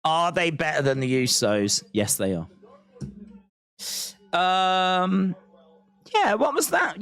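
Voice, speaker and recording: Stream host, male, animated pitch swings, dry close mic, rambling chat. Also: creaky, dry recording. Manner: rambling, thinking aloud, reads chat comments. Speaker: wrestling watch-along host. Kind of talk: live-stream reaction chat.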